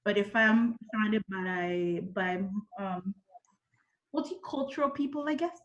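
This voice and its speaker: A woman's voice: medium pitch, animated, measured pace, lo-fi sound. A woman from Mexico, sharing her experience in a workshop in a thoughtful way and quoting other people's remarks. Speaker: workshop participant. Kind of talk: casual sharing.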